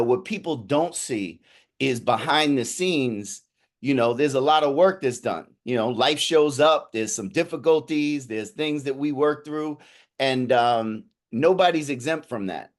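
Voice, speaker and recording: Earnest male coach as podcast guest. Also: medium pitch. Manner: earnest, appreciative, many fillers. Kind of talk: casual conversation on a video call. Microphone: video call.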